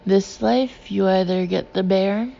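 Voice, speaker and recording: Woman doing a drunken French-Canadian dad, menacing, forceful, gravelly, mellow tone. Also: sits high, steady tone, measured pace, highs cut off. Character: crazy drunken French-Canadian father, gruff hunter.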